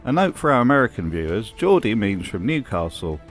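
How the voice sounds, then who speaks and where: A man's voice: on the low side, very animated, fairly quick, a bit bright. Sardonic man narrating over music. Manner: sardonic, mocking. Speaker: host. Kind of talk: scripted commentary voice-over.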